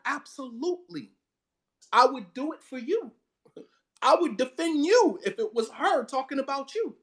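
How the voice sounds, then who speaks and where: A man's voice: very high-pitched, a bit bright. A man delivering a fired-up sermon. He talks bluntly and with heavy emphasis, hammering each point by repeating it. He often laughs between lines. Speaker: Islamic preacher. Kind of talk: impassioned sermon.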